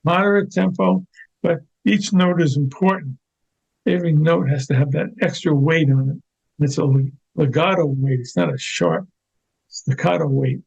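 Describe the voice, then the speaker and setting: A man's voice: on the high side, normal speed, creaky, darkish tone, breathy edge. An older man, an orchestral percussionist, explaining note markings as an interview guest, often repeating words as he demonstrates. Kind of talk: explaining, teaching. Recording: lo-fi, dull sound.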